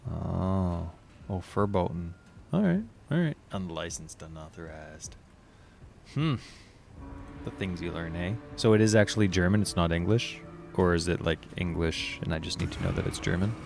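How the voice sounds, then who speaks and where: A man with a low, gravelly voice gives casual commentary while streaming a video game. He wonders out loud and chats freely, with game music playing clearly behind him. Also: moderate pace. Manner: chatty, curious, thinks out loud with giggling outbursts. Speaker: gaming streamer.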